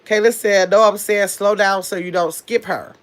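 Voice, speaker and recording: A woman hosting a casual live stream, chatting quickly and reading viewer comments aloud as she answers them. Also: mid-range voice, steady tone. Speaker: livestream host.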